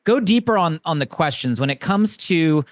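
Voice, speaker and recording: A man's voice: fairly high pitch, lively intonation, normal speed, no echo. A man hosting a podcast, asking eager questions and praising his guest with lots of "like". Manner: enthusiastic, frequent filler "like". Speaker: podcast host. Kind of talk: podcast interview. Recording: dry close mic, faint music.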